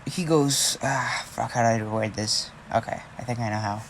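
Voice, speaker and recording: A man's voice: medium pitch, fairly even intonation, normal speed, hardly any pauses, slight background noise. A man casually telling a fan-fiction story, rambling, restarting and swearing as he goes.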